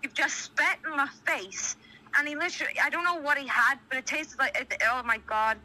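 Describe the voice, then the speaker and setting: Dublin woman caller, agitated and rambling, high sharp voice. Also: expressive, fairly quick, low-quality recording. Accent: Irish (Dublin). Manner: rambling, restarts, retells quoted dialogue. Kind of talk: agitated phone account. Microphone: phone on speaker.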